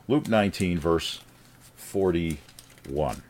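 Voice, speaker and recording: A man preaching a sermon, reading scripture and explaining it with emphatic rises and quiet drops. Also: low voice, drawn-out words, a little hiss or hum. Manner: animated, rising emphatic then dropping quiet.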